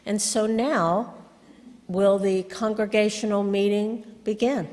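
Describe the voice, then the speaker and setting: A woman's voice: medium pitch, fairly even intonation, takes it slowly, darkish tone. A woman reading church announcements plainly, with frequent uh fillers. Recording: reverberant hall.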